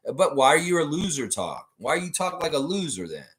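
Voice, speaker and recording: This fan livestream host has a slightly high voice and a brisk pace. He rants with animated profanity, reads out comments from viewers, and talks straight to them in a casual way.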